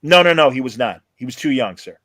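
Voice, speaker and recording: Bright-voiced man correcting friends. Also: mid-range voice. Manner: animated, quick to correct others. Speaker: podcast host. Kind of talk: casual chat.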